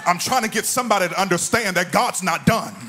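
A male pastor preaching a sermon in a chanting, sing-song cadence that builds to shouts, repeating short exhortations. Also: high-pitched, fast talker, faint music behind.

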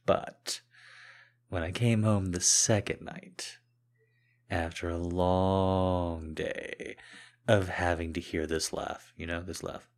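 A man in a whispered role-play, speaking softly and teasingly to the listener as a partner back from a trip. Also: low voice, little pitch movement, takes it slowly. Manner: soft-spoken, teasing and affectionate.

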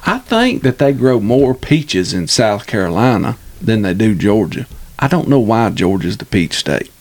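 A man's voice: on the low side, sing-song, a little slow. Middle-aged man, easy drawl. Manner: drawling, teasing, Southern slang. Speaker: podcast co-host, father. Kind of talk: casual chat.

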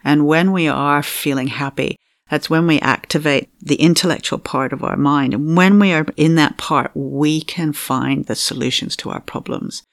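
A middle-aged woman who works as a fertility coach shares her story openly in an interview. She's animated and giggly, acting out what she used to think, and speaks at a normal pace in a deep voice.

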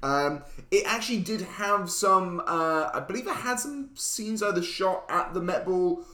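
A man's voice: high-pitched, animated, measured pace, bright, forceful tone, roomy sound. A man co-hosting a casual film podcast, wryly joking while he presents film facts. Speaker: podcast co-host. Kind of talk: casual chat.

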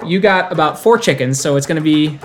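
A man's voice: on the high side, a little fast, soft background music. A man narrating as storyteller of a tabletop role-playing game, loose and casual with fillers.

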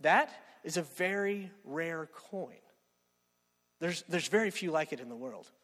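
A man's voice: a little high, expressive, unhurried, a bit bright, in a large hall. A man voicing a flustered antiques dealer who hesitates and haggles. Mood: haggling. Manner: hesitant, haggling, full of ums.

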